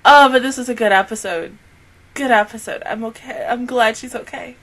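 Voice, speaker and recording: Young woman reacting to anime, bright slightly high voice, gushy and swearing a lot, all over the place emotionally. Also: moderate pace. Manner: gushing, exclamatory, swings between laughing and tearful; casual, swears freely. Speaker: anime reaction channel host.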